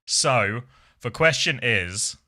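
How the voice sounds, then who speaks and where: Middle-aged man, streamer, very bright and crisp tone, playful, laughs a lot. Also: mid-range voice, animated, slow. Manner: playful, laughs often, chatty with viewers. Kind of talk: casual live-stream chat.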